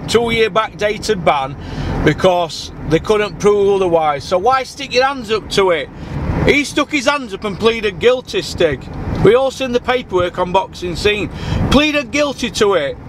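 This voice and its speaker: A man's voice: high-pitched, lively intonation, measured pace, noisy background. A man hosting a channel, arguing heatedly, badgering and swearing, repeating "listen, mate". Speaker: channel host. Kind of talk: heated phone argument.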